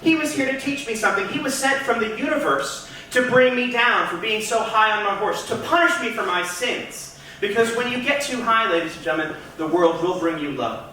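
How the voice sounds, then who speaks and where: Guy doing standup in a club, high bright voice, roomy echo, kinda distant from the mic. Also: expressive, a little fast, few pauses, a little hiss or hum. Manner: theatrical, punchy storyteller addressing the crowd. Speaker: stand-up comedian. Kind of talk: stand-up comedy storytelling. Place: comedy club stage.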